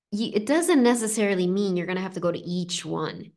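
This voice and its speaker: An inner child coach runs a live session, reading chat comments aloud. Her medium-pitched voice is gentle and reassuring, quick with few pauses, and conversational with frequent fillers.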